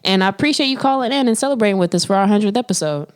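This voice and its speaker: A woman's voice: medium pitch, lively intonation, very fast, smooth. A woman hosting a podcast in casual chat, playful and teasing, often laughing with her guests. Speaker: podcast host.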